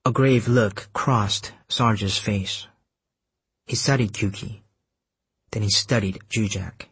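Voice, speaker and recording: Husky man narrating an audiobook. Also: on the low side, dry recording. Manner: steady, measured storytelling. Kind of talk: scripted first-person narration.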